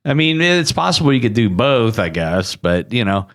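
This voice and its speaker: A man's voice: medium pitch, sing-song, moderate pace, fairly bright tone. A man co-hosting a casual podcast, joking and teasing the others.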